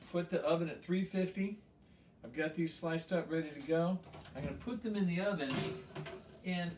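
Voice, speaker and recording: Here the host's voice is a little high over a noisy background as he demonstrates a recipe in his home kitchen, relaxed and meandering with frequent "um"s and laughs. The mic is distant and the kitchen sounds roomy.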